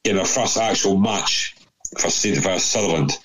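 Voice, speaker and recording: Speaking at a moderate pace in a low voice, this Scotsman tells casual football tales for a podcast, peppering them with swearing and playing out each person involved. The recording is low quality, with crowd noise in the background.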